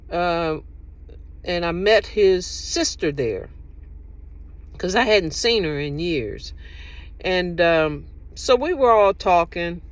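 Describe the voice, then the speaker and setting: A woman's voice: fairly low pitch, no echo. A woman talking casually to her own camera, giving relationship advice with rambling, repetitive, emphatic storytelling.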